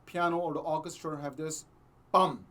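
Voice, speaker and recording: Patient man teaching cello, fairly high voice. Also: faint music behind. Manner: patient, explains slowly, sings phrases, many ums. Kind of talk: music lesson with sung demonstrations.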